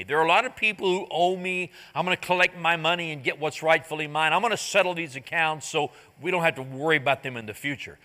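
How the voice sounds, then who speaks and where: A man's voice: high voice, bright, forceful tone, in a large hall. A man preaching a sermon, retelling a parable in plain modern speech and briefly acting out its characters. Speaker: pastor. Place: church sanctuary.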